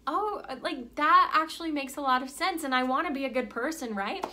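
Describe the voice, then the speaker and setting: A woman's voice: sits high, fairly quick, bright, forceful tone, a little hiss or hum. A woman doing a chatty naive frog. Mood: casual. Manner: casual and chatty, with frequent "like". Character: wary, naive male frog.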